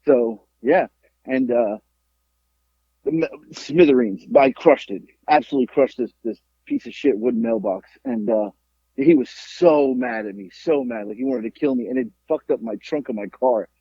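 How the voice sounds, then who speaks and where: A man from Florida, a podcast host, telling a profane story in a lively, repetitive way. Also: mid-range voice, moderate pace, creaky, breathy edge, no room sound, dull audio. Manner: animated, profane, repeats himself. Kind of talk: casual storytelling chat.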